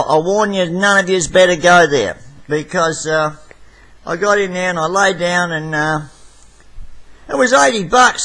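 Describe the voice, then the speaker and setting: A man's voice: on the high side, sharp tone, low-quality recording. An Australian man telling a rambling vlog story, blunt and profane, with stammered restarts. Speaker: vlogger.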